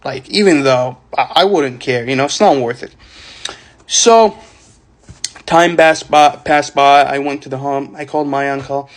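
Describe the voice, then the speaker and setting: A man's voice: mid-range voice, normal speed. A young man casually telling a rambling story to camera, acting out the voices of the people in it. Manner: rambling, acts out quoted voices. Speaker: vlogger.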